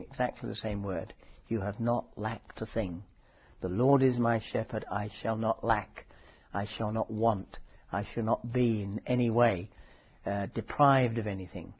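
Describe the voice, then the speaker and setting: A man preaching a sermon in a conversational, thoughtful way, often pausing and correcting himself. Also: lowish voice, steady tone, slightly rough, highs cut off. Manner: conversational, thoughtful, with frequent fillers and self-corrections.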